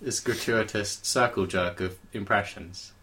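Dry-witted lowish man. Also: measured pace, sharp tone. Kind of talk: casual chat.

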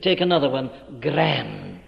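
A man's voice: mid-range voice, animated, unhurried, vocal fry. A man preaching an evening sermon in an emphatic, declamatory way, hammering words with rising stress. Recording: dull old recording with long hall reverb.

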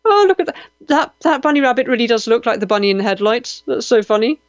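Talking fast in a fairly high voice, this Maltese radio host reacts to listeners' comments with gushing exclamations, animated chatter and self-deprecating jokes as she tells anecdotes on her live show. The recording has no echo, but the highs are cut off.

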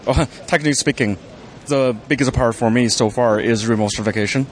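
A man's voice: medium pitch, brisk. A man working as a regional coordinator answers interview questions hesitantly, using lots of fillers. Behind him there is a faint outdoor background noise.

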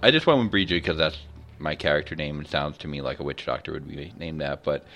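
Very deep, bright-toned man. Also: fast. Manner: easygoing, explains game mechanics at length. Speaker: podcast co-host. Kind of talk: casual gaming podcast chat.

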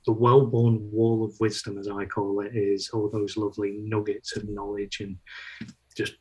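A man co-hosting a podcast, explaining things in casual chat with halting run-on sentences and many fillers. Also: fairly low pitch, monotone, warm tone, husky, poor audio. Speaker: podcast co-host and brand creative.

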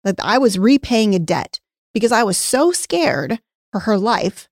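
Candid woman telling a personal story, gravelly edges. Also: medium pitch, big pitch swings, a little slow, no room sound, clean studio sound. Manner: candid storytelling, acts out past dialogue. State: emotional at times. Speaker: podcast co-host, former nutrition practice owner. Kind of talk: casual conversational podcast.

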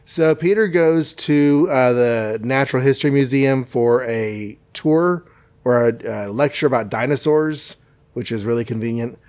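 A man's voice: medium pitch, measured pace, darkish tone. A man hosting a podcast, casually recapping a cartoon episode with jokes and self-corrections. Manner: rambling, self-correcting, jokey. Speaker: podcast host.

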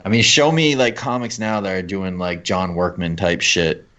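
Man, very low voice, rambling casual podcast chat, swears a lot, dull lo-fi sound. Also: normal speed, pushed and bright. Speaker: podcast co-host.

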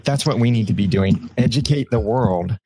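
A man's voice: on the low side, moderate pace, warm tone, breathy edge. A man co-hosting a live podcast show, speaking in an upbeat, encouraging way. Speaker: co-host.

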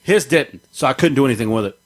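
Fast-talking man telling a story. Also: medium pitch. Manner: animated, acts out the people in his story with a raised voice. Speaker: podcast guest telling a story. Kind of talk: casual storytelling.

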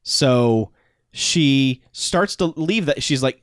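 A man's voice: medium pitch, lively intonation, dry recording, studio quality. A man co-hosting a podcast, recapping a movie sardonically and briefly acting out characters' lines. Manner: sardonic, acts out characters in quick voices. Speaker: podcast co-host. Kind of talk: casual movie recap chat.

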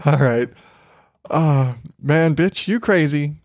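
Guy hosting a podcast, ranting n swearing, laughs a lot, slow talker, dry close sound. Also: fairly high pitch, a little mellow, no echo. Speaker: podcast host. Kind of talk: casual monologue.

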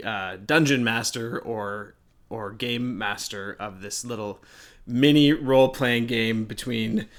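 An eager man guesting as game master on a podcast. He explains with small fillers and restarts. His pitch sits mid-range. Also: fairly bright tone, clean tone. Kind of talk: casual podcast talk.

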